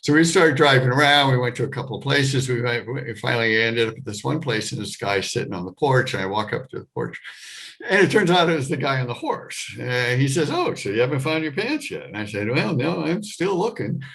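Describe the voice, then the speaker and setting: A man telling a personal story to an audience, getting animated and rising high with excitement. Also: a little fast, vocal fry. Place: performing arts center stage.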